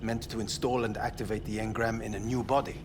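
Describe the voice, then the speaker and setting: An actor playing a cold, clinical older male scientist in a video game, speaking in a measured, formal and detached way. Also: lowish voice, fairly even intonation, noisy background, close to an everyday voice. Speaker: game character.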